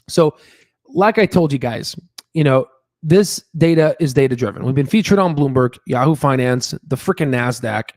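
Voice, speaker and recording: A man's voice: medium pitch, animated, normal speed, a little mellow, dry recording. Emphatic man, dry close sound. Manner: emphatic, repeats words, many fillers and tag questions. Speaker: stock market channel host. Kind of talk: casual stock analysis talk.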